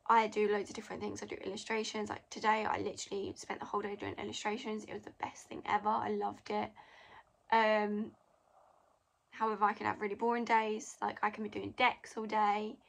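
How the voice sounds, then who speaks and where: A woman's voice: mid-range voice, completely flat delivery, fairly quick, vocal fry. A young woman, a degree apprentice, chatting through a casual Q&A vlog and filling her talk with "like" and "literally"; she says she is losing her voice. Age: young adult. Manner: chatty, heavy filler words like "like" and "literally".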